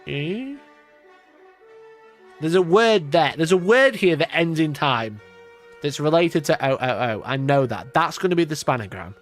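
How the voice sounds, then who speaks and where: A male streamer thinks aloud over a word puzzle and keeps laughing at his own mistakes. His slightly high voice swings widely in pitch, and his slow, drawn-out words are laced with swearing. Soft music plays faintly underneath. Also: animated. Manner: talks to himself, self-mocking, laughs often, swears. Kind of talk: live-stream puzzle gameplay chatter.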